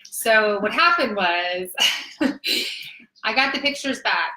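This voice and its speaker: A woman in her thirties, a guest telling a personal story in an earnest, emotional, animated way. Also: mid-range voice, takes it slowly, reverberant, rough recording. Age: 30s. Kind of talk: candid personal testimony in conversation.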